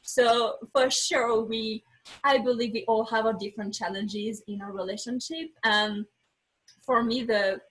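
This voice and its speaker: A woman guest on a podcast, telling a candid personal story with animated, acted-out bits of dialogue; English is not her first language. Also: a little high, unhurried, breathy edge, low-quality recording. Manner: animated, acts out quoted dialogue, frequent restarts.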